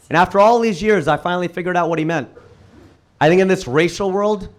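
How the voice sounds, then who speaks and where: A male stand-up comedian from Cincinnati performing on a live stage with a handheld mic, delivering punchy jokes and rhetorical questions in an animated way. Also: sits high, quick pace. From Cincinnati, United States.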